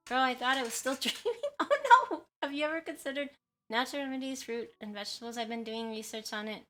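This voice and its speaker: Bright-voiced, apologetic woman streamer. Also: on the high side, fast, slight background noise. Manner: chatty and apologetic, rambling with many fillers and giggles. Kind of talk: casual livestream chat with viewers.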